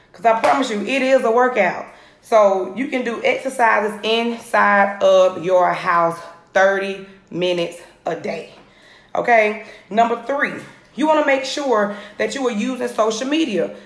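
A woman, coaching viewers on a live phone video from home, energetic and repeating her points. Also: a little high, measured pace. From Atlanta area, US. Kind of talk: live social media coaching. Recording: roomy phone recording.

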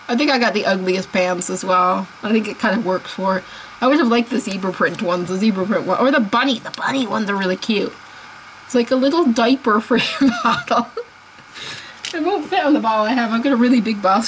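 A woman chatting casually as she unboxes toys, gushing and excitable, laughing often. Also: fairly high pitch, slight background noise, low-quality recording. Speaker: unboxing vlogger.

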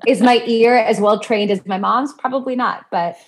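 This yoga and mantra teacher, a guest on a podcast, talks chattily about chanting, laughing now and then and acting out quoted voices. Her voice is a little high at a normal pace, with a little hiss or hum in the recording.

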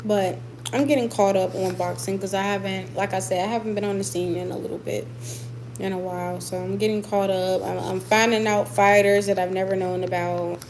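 A woman's voice: medium pitch, fairly even intonation, brisk, a little mellow, slight background noise, rough recording. A woman boxer chatting casually with her viewers, emphatic and repeating points for stress. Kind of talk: casual livestream chat with viewers.

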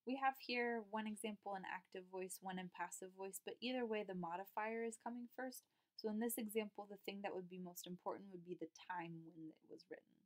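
A woman teaching a recorded slide lecture, explaining each point in a steady, patient way. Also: mid-range voice.

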